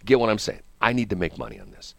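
A man's voice: lowish voice, fast talker, vocal fry, no echo. A man hosting a radio morning show, telling a rambling story on air and acting out the people in it. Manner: animated, acts out quoted people. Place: radio studio.

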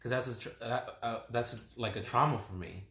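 A young man talking reflectively and hesitantly in a casual conversation, often pausing and restarting his sentences. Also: mid-range voice, a bit bright. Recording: roomy echoing room.

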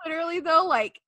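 Animated high-voiced woman, lively chat. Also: dry recording. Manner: animated, quick, profane storytelling with impressions. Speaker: podcast co-host. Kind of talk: casual chat.

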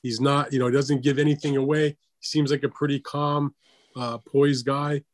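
A man co-hosting a casual boxing talk show, giving plain-spoken, measured analysis. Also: mid-range voice, flat delivery. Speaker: podcast co-host.

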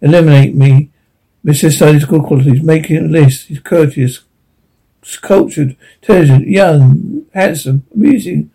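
Bitter jilted young man, harsh and flat, husky, read by a man. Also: fairly high pitch, normal speed, poor audio. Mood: grim. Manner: harsh, toneless. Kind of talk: audiobook reading.

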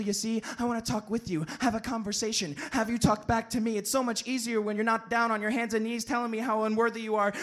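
A man voicing God in the form of a humble male stray dog, speaking softly and calmly in a lower voice.

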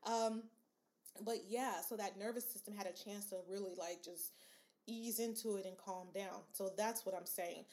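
A chatty young woman hosting her own podcast, talking straight to her listeners with lots of asides and restarts. Her voice sits at an ordinary middle pitch, and she laughs easily between thoughts. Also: fairly even intonation, normal speed, darkish tone. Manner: frequent fillers and restarts, laughs often. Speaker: podcast host. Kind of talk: casual solo podcast chat.

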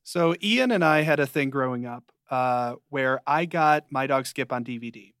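Smooth-voiced young man recapping a show. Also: medium pitch, a bit bright, dry recording. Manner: dry, rambling recap with quick asides. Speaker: podcast co-host. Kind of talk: casual chat.

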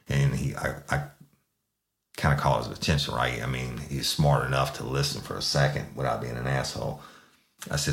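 A man with an extremely deep, low voice recounts a police story. He talks bluntly and matter-of-factly, with plenty of cursing. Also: steady tone, fast, vocal fry, fairly bright tone, echoey room. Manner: blunt, profane, matter-of-fact. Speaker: police sergeant. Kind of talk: casual storytelling.

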